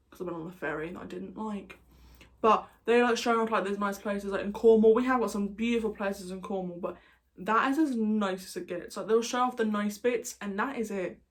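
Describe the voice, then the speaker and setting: A woman's voice: medium pitch, moderate pace. Rambling British woman vlogger. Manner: rambling, jokey, goes off on tangents. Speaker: YouTuber. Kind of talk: casual vlog chat.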